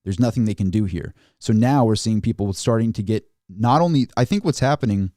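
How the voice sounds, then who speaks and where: Man, lowish voice, mellow dark tone, animated live-stream finance commentary, dry close sound. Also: fairly quick, no room sound. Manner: animated, mocking asides in quoted voices. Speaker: finance channel host.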